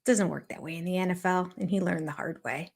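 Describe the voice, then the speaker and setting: A woman's voice: lowish voice, steady tone, a little fast, gravelly, darkish tone, slightly rough. An older woman giving sarcastic, amused reaction commentary on a reality show, often laughing. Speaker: YouTube commentator.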